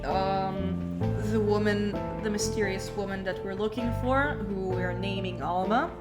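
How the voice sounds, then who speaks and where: Slow-talking woman streamer with a cold. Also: mid-range voice. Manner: chatty, thinks aloud with many fillers. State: has a cold. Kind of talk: casual game playthrough commentary.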